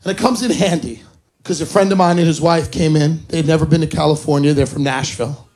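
A man's voice: on the high side, a little fast, darkish tone. A man doing a stand-up set on a comedy club stage, delivering dry, exasperated punchlines.

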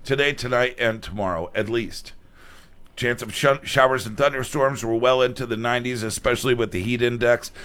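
A man's voice: medium pitch, steady tone, brisk, fairly bright tone, smooth. A man hosting a morning radio show, reading the weather and promos and bantering with his cohosts. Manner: upbeat, reads weather and promos, laughs with cohosts.

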